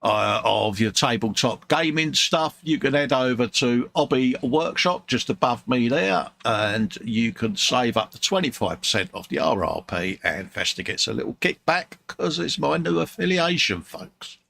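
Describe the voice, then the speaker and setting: A man's voice: mid-range voice, expressive, moderate pace, creaky, few pauses, fairly bright tone. A British man hosting a casual livestream chat at his hobby bench, jokey and full of playful slang, sounding tired. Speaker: livestream host. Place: hobby workbench room.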